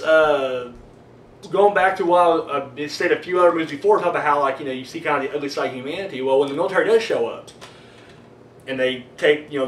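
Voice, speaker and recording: A man's voice: mid-range voice, a little hiss or hum. A man giving a casual, rambling horror movie review, swearing freely and full of fillers. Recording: echoey room, voice a bit far from the mic.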